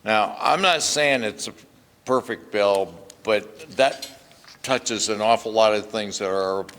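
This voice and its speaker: An older man speaks from a podium in a low, grounded voice. He is plainspoken and emphatic, stopping to restart his sentences, while the long reverb of a hotel event hall trails behind each phrase. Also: unhurried, fairly bright tone, a little hiss or hum. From Pennsylvania. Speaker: state senator giving a speech. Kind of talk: speech at a press club luncheon.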